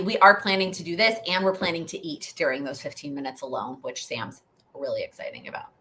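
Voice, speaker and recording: A woman's voice: on the low side, fairly bright tone. A young woman hosting a live Q&A stream, chatty and rambling, laughing often as she answers questions. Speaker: host.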